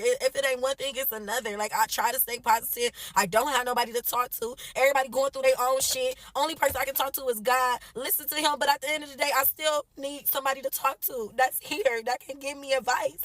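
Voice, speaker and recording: A woman's voice: sits high, fairly even intonation, a little fast, a bit bright, dry recording, low-quality recording. A young woman, a mother from the United States, venting tearfully and with heavy swearing into her phone camera from her car. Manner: profane, exasperated, tearful venting. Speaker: mother posting a social media video.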